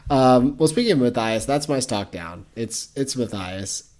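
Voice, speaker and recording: A man's voice: mid-range voice, lively intonation, a little slow, darkish tone. A man co-hosting a podcast in casual chat, laid-back and rambling. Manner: rambling, frequent restarts and fillers, laid-back. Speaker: podcast co-host.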